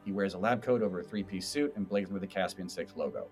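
Brief: lively game-master host, lowish voice, casual. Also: male voice, fast, husky, soft background music. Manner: animated, explains by demonstrating voices. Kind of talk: casual podcast chat.

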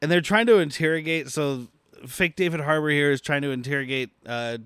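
A man's voice: fairly high pitch, a little fast, a bit bright, clean tone, no room sound. A man co-hosting a casual movie podcast, joking and quoting lines in mock voices. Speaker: podcast co-host. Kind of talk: casual movie-recap banter.

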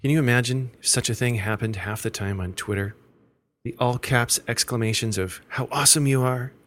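A man's voice: mid-range voice, a bit bright. Man narrating a scripted podcast. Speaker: podcast host.

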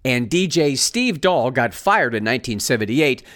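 A man's voice: mid-range voice, expressive, moderate pace, fairly bright tone. A man hosting a commentary show, reading news items aloud and mocking them with sarcastic asides. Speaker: host.

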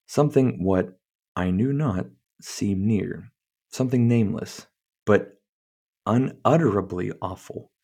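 Reading from a book on his podcast, a man with a fairly low, mellow voice and measured pace keeps stumbling over words. He breaks off for casual commentary, swearing freely and chuckling at what he's reading.

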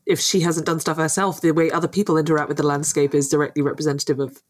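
A woman's voice: deep voice, level tone, fast talker. A woman co-hosting a podcast, asking curious questions and thinking aloud in casual chat.

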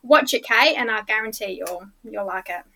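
This is an Australian woman with a bright, slightly high voice, chatting casually. She is talkative and laughs easily, and her voice often drops quiet as a thought trails off. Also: moderate pace. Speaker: podcast guest. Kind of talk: casual chat.

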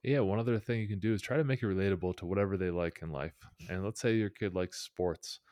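A man speaking as a podcast guest, giving earnest, steady family advice in practical steps. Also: sits low, quick pace, no echo, clean studio sound. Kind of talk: casual conversational advice.

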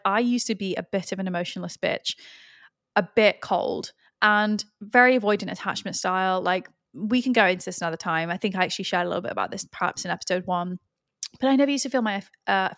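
A woman's voice: mid-range voice, a bit bright, dry recording. A woman talks alone into a close podcast mic, frank and earnest, dropping casual swear words as she speaks. Her voice sits in a middle register, and the recording is dry with no room sound. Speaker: podcast host. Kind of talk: solo podcast monologue.

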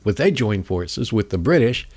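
A male talk host in a loose, rambling monologue, sarcastic and cutting. His pitch swings widely as he talks, and he drops into mocking voices of the people he criticizes. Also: very animated, normal speed, darkish tone. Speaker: political talk show host. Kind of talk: casual political monologue.

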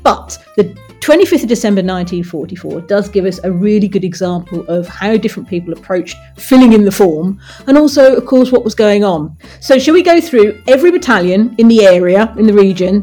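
A woman's voice: medium pitch, a little fast, hardly any pauses, dark tone, faint music behind. Woman cohost on a history podcast, reads old diary notes, jokey banter. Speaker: podcast co-host. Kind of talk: history podcast chat and reading.

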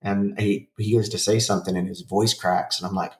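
A man in his forties talks loosely and profanely, stumbling through restarts and fillers as he tells his story. His voice sits low. He sounds set back from the microphone, in a room that echoes. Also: flat delivery, brisk, darkish tone, recorded from a distance. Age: 40s. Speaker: podcast co-host. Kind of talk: casual chat.

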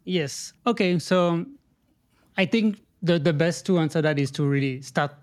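A man's voice: fairly high pitch, unhurried, a little mellow. A man, speaking as a guest on a podcast in a hesitant, searching way and often restarting his sentences. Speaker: interview guest. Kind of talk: casual interview chat.

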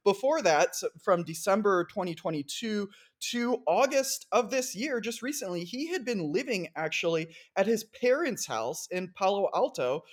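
A man's voice: high-pitched, lively intonation, moderate pace, few pauses. A man hosting a news podcast in a casual, wry, chatty manner, walking through stories and reading out quotes. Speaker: podcast host.

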